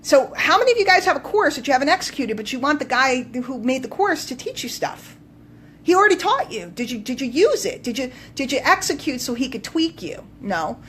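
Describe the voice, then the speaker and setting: An animated woman coach telling a story to her live-stream viewers with a fairly high voice. She speaks emphatically, punching some words loudly and dropping others into quiet asides. A faint hiss sits under the voice. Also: fairly quick. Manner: animated, emphatic, swings between loud bursts and quiet asides. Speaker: business coach.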